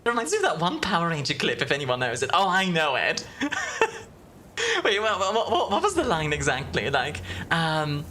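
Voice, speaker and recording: Deep-voiced, giggly woman streamer from Belgium. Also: sing-song, normal speed, a little hiss or hum. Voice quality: deeper voice. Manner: giggly, warm toward chat, chatty. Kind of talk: casual live-stream chat with viewers. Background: background music.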